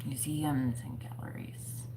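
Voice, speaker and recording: A woman's voice: rumbling low, fairly even intonation, slow pace, whispered, poor audio. A woman hosting a casual livestream from home, chatting with viewers in a playful, self-mocking way. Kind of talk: casual chat.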